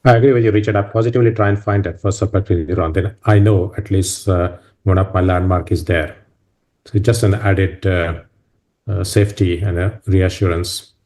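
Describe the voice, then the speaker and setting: Low-voiced man asking polite questions. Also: steady tone, fairly quick, a little mellow. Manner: polite, questioning, with hesitant fillers. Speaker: panelist surgeon. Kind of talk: live webcast discussion.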